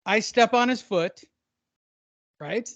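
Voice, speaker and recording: A man's voice: high voice, takes it slowly, a bit bright, dry recording. A man co-hosting a boxing podcast, joking casually and spinning silly hypothetical fight scenarios. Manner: playful, spins silly hypotheticals. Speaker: podcast co-host.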